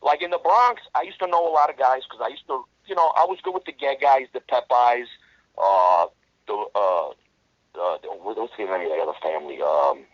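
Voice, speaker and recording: A middle-aged man, telling rough street stories in a casual interview, blunt and heavy on the swearing. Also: medium pitch, normal speed, dry recording. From New York. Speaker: interview guest. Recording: dull lo-fi dry recording.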